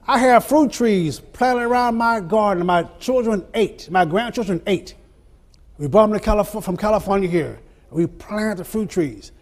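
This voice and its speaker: An older man with a notably high voice delivers a live motivational speech to an audience. He stacks his phrases in rhythmic repetition and lets dramatic pauses land. He often laughs through his own stories. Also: lively intonation, a little mellow. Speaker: motivational speaker. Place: event venue before an audience.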